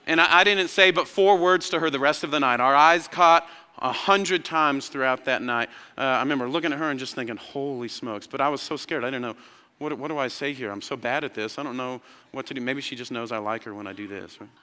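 A man in his thirties preaching a sermon, telling a personal story, swinging from excited emphasis down to quiet, hushed lines. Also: mid-range voice, fairly quick, smooth, in a large hall. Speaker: pastor.

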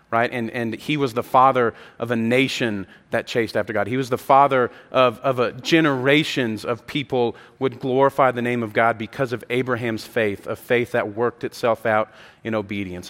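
With long hall reverb around him, a man preaches passionately and gives voice to each character in the story he's telling. He's a pastor, and his mid-range voice has a fairly bright tone.

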